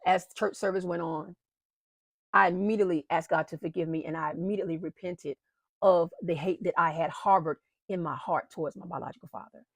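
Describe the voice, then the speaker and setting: A woman's voice: fairly low pitch, creaky, dry recording, clean studio sound. A woman who founded an awareness movement, telling her own faith story to viewers in an earnest way. She repeats phrases for emphasis and calls her viewers "y'all.". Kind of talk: personal faith testimony to viewers.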